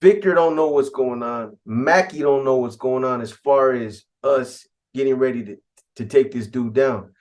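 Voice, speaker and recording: A man's voice: medium pitch, normal speed, a little mellow. A man casually telling a first-person story in laid-back street slang, with frequent restarts and asides. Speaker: podcast storyteller.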